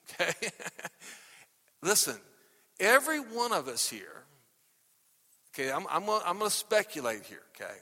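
Animated high-voiced male preacher. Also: in a large hall. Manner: animated, repeats "okay?" constantly. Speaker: pastor. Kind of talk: sermon. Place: church sanctuary. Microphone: microphone.

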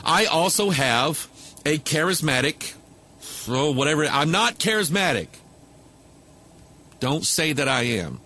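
A man's voice: on the high side, sing-song, a little slow, sharp tone. A man preaching to a camera microphone, talking loosely with many fillers and restarts. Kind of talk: casual video commentary.

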